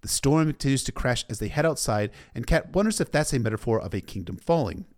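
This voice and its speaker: A man's voice: mid-range voice, expressive, fast, darkish tone. A man recapping a story in a casual, irreverent way, cursing freely. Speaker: book recap narrator.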